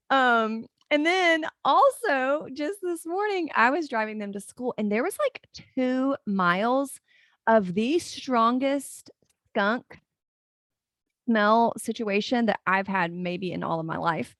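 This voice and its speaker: Speaking slowly in a slightly high, somewhat bright voice, a life coach in her 40s hosts a casual solo podcast. She tells family stories and laughs a lot as she chats. The recording is clean, with no room sound.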